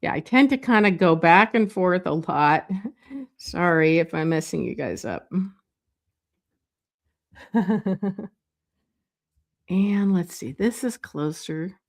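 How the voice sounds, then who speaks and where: A woman walks viewers through a drawing lesson at an unhurried pace. She thinks aloud as she works, with plenty of pauses and fillers. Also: lowish voice, animated, creaky. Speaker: art teacher. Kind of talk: drawing tutorial.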